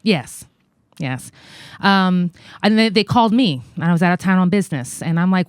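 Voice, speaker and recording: An American woman in her forties, a guest in an interview, telling a personal story in a halting, earnest way with many fillers. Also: on the low side, expressive, clear, resonant tone, no room sound, studio quality. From United States. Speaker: guest, congressional candidate.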